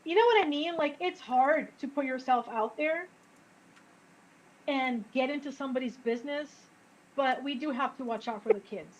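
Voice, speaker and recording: Woman, high voice, rambling casual chat, lots of fillers, faint ambience behind. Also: normal speed, slight background noise, poor audio. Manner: rambling with many fillers and restarts. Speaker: co-host.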